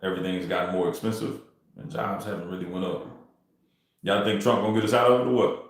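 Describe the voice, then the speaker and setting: A man's voice: low voice, fairly even intonation, fast. A man, chatting loosely with his livestream viewers while he makes cold calls. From Texas. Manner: loose, talks straight to the chat in slang. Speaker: real estate wholesaler streaming cold calls. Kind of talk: casual livestream chat. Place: home room. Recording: very echoey room.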